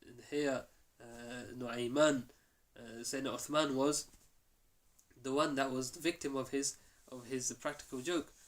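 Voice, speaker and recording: In a mosque, a male teacher narrates a story to his class, voicing every quoted line energetically. His pitch is medium and his tone fairly bright.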